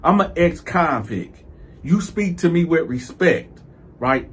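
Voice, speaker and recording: Husky, high-voiced man telling a story. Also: animated, slow. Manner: stammering repeats and profane, acted-out quotes. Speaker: YouTube storyteller. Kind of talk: animated storytelling vlog.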